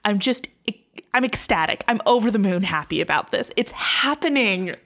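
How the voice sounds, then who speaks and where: A woman's voice: mid-range voice, lively intonation, moderate pace, a bit bright. Female podcast co-host, effusive, mid-range voice. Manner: effusive, gushing. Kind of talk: casual chat.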